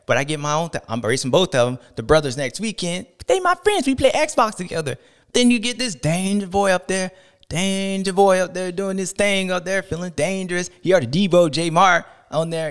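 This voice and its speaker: A man hosting a casual sports podcast, talking in a playful, animated way and drawing out and shouting words for emphasis. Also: high-pitched, fairly quick, clear, resonant tone. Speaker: podcast host.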